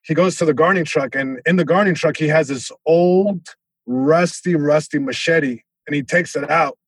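A male comedian guest telling a story in an animated way, with many restarts and sound effects. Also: on the high side, moderate pace, husky, no echo.

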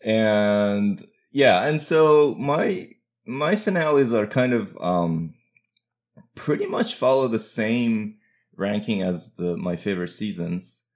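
A man co-hosts a casual podcast chat in a soft-spoken, hesitant way. He trails off often and laughs at himself. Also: on the low side, animated, slow. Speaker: podcast co-host.

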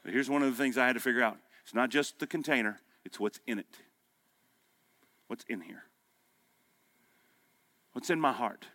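A man in his fifties preaching a sermon, with punchy exhortation that drops to quiet storytelling. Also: mid-range voice, normal speed, long pauses, dry recording. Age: 50s. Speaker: pastor. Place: breakfast meeting room.

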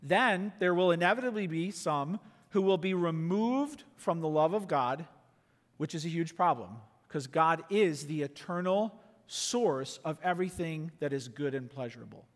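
A man preaching a sermon in an earnest, emphatic way, often dropping to a quiet, intense tone. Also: a little high, lively intonation, normal speed, big-room sound. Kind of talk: sermon teaching.

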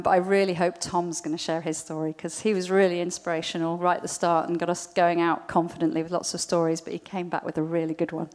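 A woman's voice: lowish voice, a little mellow, long reverb tail. A woman chattily sharing a story with a conference audience, with frequent ums and asides. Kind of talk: spoken testimony to an audience.

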